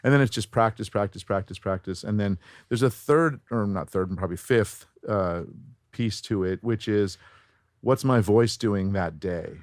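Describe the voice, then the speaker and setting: A middle-aged man, a voice actor, chatting in an interview and breaking into quick voice demos as he explains. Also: fairly low pitch, no room sound, clean studio sound. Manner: animated, demonstrates voices while explaining. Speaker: voice actor guest. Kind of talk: casual interview chat.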